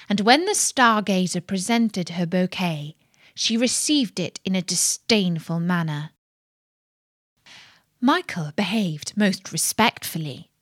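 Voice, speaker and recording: A woman narrating a fairy tale with expressive storytelling. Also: medium pitch, dry recording, studio quality.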